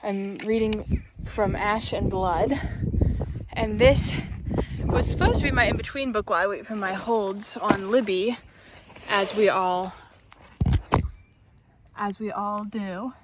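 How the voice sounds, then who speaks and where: A woman's voice: medium pitch, slow. A young woman chatting casually on a book vlog, a little out of breath, rambling and joking at herself while outdoors in grassy countryside. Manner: rambling, chatty, self-deprecating. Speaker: book vlogger. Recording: outdoor phone recording with noise.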